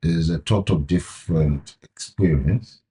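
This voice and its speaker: A man's voice: sits low, a little slow, mellow. A Zambian man with a Zambian accent, a comedian and MC, talking casually in an interview with many fillers and "you know"s. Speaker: guest, comedian and MC.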